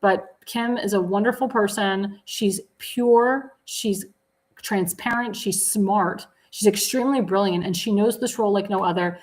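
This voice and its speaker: Woman talk show host; enthusiastic, promotional, repetitive donation pitches, self-correcting. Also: a little slow, a little mellow, poor audio. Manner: corrects herself mid-sentence. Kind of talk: live political talk show.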